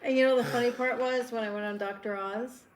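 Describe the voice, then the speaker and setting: A woman's voice: a little high, fairly even intonation, brisk, slight background noise. A woman with a Long Island accent, chatting bluntly and playfully on a casual livestream. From Long Island, New York.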